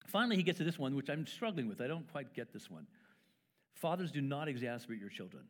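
A man's voice: medium pitch, sing-song, fast. A middle-aged man preaching a sermon in a church, conversational and playful, acting out quoted fathers with stammers and asides. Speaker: pastor. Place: church sanctuary.

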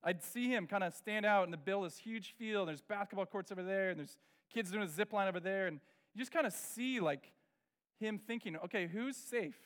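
Animated high-voiced man preaching. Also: brisk. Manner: animated, acts out quoted voices. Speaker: pastor. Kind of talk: storytelling sermon.

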